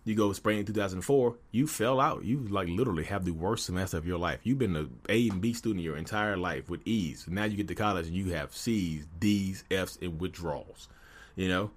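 Candid man in his thirties, low voice. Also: fairly quick. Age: 30s. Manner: candid, conversational, many fillers like "you know". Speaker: podcast host. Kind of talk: personal storytelling monologue.

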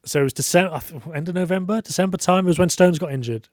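A man's voice: high-pitched, fast talker, a little mellow, no room sound, studio quality. A man chatting casually on a podcast, rambling and self-deprecating. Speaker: podcast co-host. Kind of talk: casual chat.

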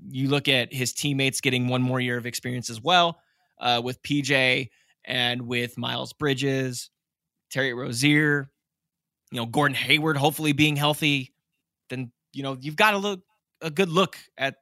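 Bright-voiced animated man hosting podcast. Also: mid-range voice, a little slow, no room sound, studio quality. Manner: animated, opinionated, laughs often. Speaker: podcast host. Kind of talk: casual sports podcast chat.

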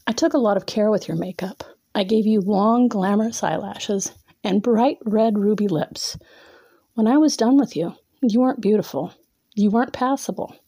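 A woman's voice: medium pitch, warm tone, slightly rough, no room sound. A woman narrating a second-person erotic story in a teasing, domineering way, sometimes dropping to a whisper.

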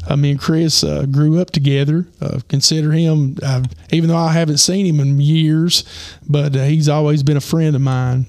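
A man telling a rambling personal story with lots of fillers, his voice getting hoarse. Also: on the high side, no room sound, studio quality. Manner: rambling, many fillers and restarts. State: losing his voice. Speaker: podcast host. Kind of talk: casual storytelling.

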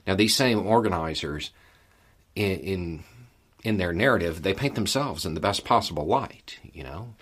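In a very deep, husky voice with a slightly bright edge, a man gives casual political commentary at a moderate pace. He talks through the news in a folksy, animated way, repeating phrases for emphasis and keeping an easygoing commentator's tone.

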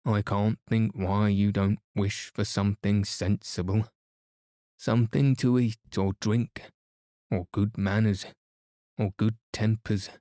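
A grumpy, whiskered sand-fairy from a storybook grumbles and scolds in a lowish, slow voice, as a man reads it aloud. The sound is close and dry. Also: little pitch movement, warm tone, no echo. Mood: cross. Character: cross, sulky whiskered sand-fairy creature.

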